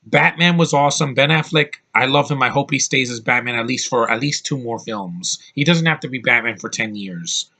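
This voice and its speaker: A man's voice: medium pitch, moderate pace, bright, forceful tone. A man giving a casual spoken movie review, enthusiastic and blunt, rambling with restarts and the odd swear word.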